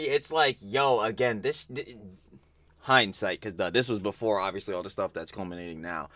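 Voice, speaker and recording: A man's voice: on the low side, a little fast, a bit bright, no echo, faint music behind. A man hosting a reaction video, heckling in an exasperated, slangy casual way.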